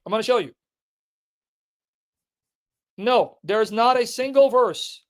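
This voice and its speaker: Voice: mid-range voice, takes it slowly. A speaker in a played clip, emphatically and repetitively addressing his viewers. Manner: emphatic, repetitive, insistent, addressing the audience directly.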